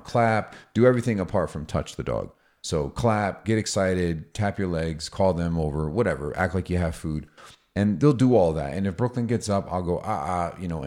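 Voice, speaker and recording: Deep-voiced man explaining dog training. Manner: energetic, explanatory, acts out dialogue. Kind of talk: casual podcast chat.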